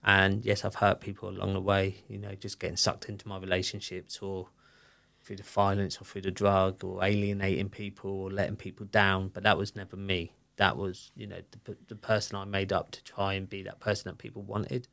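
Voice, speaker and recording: A middle-aged man speaks candidly as a podcast guest, rambling through personal stories packed with fillers. His voice is low, gravelly and a little bright, with a completely flat delivery at a slightly fast pace.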